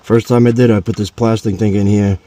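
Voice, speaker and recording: This DIY car vlogger, a man in his forties, talks fast in a lowish voice, with a little hiss or hum on the recording. While changing his car's oil outside at home, he tells an animated, rambling story full of jokes and swearing.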